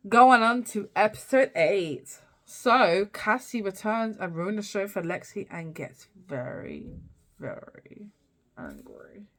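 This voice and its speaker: A young woman talks through a TV season recap for her vlog. She rambles, restarts her sentences and leans on fillers, and her voice sits at a middling pitch. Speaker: TV review vlogger. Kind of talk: casual recap chat.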